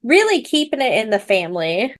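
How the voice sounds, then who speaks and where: A woman's voice: fairly high pitch, very animated, brisk. A young woman co-hosting a casual book podcast, blunt and swearing freely. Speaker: podcast co-host.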